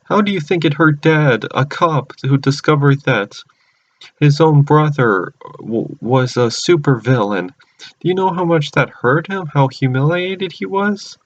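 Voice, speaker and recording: Man squeaking as a hurt teen hero girl. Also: a little slow, highs cut off. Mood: pleading. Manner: pleading, reproachful. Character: hurt, pleading teenage superhero girl.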